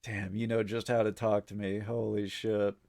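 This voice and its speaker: A man's voice: on the low side, little pitch movement, normal speed, vocal fry, darkish tone. A man streaming live, chatting casually with viewers in a rambling way, full of fillers, frequent swearing and easy laughs. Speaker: livestreamer.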